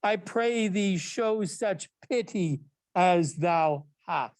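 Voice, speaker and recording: A man's voice: high-pitched, very slow, a little mellow, dry recording, pitched above the performer's own voice, full character voice. A man reciting the lines of an awed medieval poet in declaiming, archaic verse.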